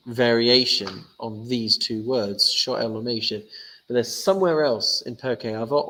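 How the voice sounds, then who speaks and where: Male rabbi, relaxed joking class teacher, gravelly voice, average pitch. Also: poor audio. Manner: chatty, joking, loose storytelling. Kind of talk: casual Torah lesson.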